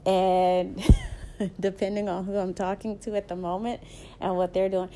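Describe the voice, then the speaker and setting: A woman's voice: mid-range voice, level tone, unhurried, warm tone, a little hiss or hum. A woman with a Southern US accent, hosting a podcast and telling personal stories in a chatty, faith-based motivational talk, often checking in with the listener. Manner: chatty storytelling, often asks "right?". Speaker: podcast host.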